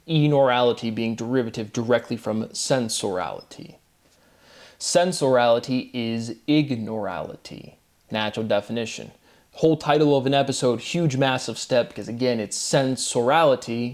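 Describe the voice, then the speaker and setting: A man hosting his own channel, talking combatively in a rambling monologue and spelling out words letter by letter. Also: medium pitch. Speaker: channel host. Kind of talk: monologue to camera.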